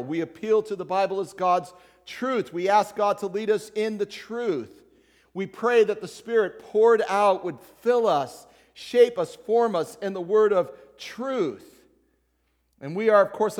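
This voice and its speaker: A man's voice: high-pitched, darkish tone. A man preaching a sermon as pastor, in a conversational style, joking with and addressing members of the congregation by name. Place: church sanctuary. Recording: long hall reverb.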